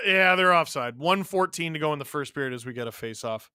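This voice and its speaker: Excitable man calling hockey live. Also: fairly high pitch, fairly quick, clean tone, dry recording, studio quality. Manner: excitable, reacts loudly to plays, reads out chat messages. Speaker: host watching a hockey game live. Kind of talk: live watch-along commentary and chat replies.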